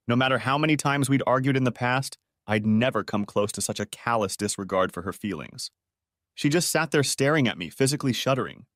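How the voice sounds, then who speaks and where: A man reading a first-person story aloud as a narrator, steady and measured. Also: lowish voice, no echo, clean studio sound.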